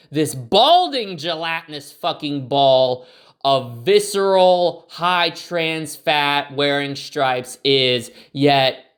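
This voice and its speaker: A man's voice: fairly high pitch, fairly bright tone. Sarcastic, swearing ranting man. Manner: sarcastic, exasperated, heavy swearing. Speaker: wrestling commentator. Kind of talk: profane rant.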